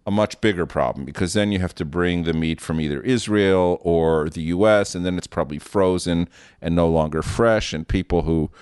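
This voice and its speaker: Deep, smooth male commentator. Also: moderate pace, darkish tone, no echo, studio quality. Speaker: guest commentator. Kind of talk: measured spoken commentary.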